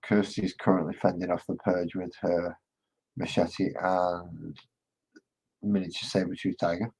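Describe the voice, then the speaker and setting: A man with a deep, slightly husky voice talks casually to his live-stream viewers as he paints. He rambles from one thought to the next and jokes with the chat. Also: little pitch movement, unhurried, darkish tone, low-quality recording. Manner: rambling, joking, chats with viewers.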